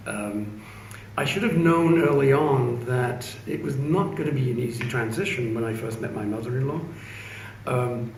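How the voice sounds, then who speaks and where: A man's voice: medium pitch, vocal fry, a little mellow. Wry reserved Englishman, echoey and distant. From England. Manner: measured, wry, reserved storytelling. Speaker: speaker. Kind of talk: anecdotal opening speech. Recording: echoey room from a distance, faint hum.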